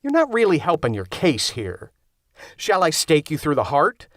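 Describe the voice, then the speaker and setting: Sarcastic skeptical young dude voiced by a man reading an audiobook, dry deadpan jabs, pitch jumping all over, dead dry sound. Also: normal speed, no room sound, heavily acted.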